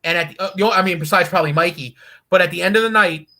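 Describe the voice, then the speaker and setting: Bright, slightly high man spinning a profane road story; casual guest energy. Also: racing. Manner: profane, animated, laughs while telling. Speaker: guest wrestler.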